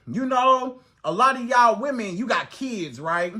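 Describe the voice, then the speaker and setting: A man's voice: extremely high pitch, lively intonation, a little slow, sharp tone. A man giving dating advice straight to the audience in an emphatic, repetitive way. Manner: emphatic, repetitive, acts out quoted women's voices. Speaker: dating coach. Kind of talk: direct-to-camera advice monologue.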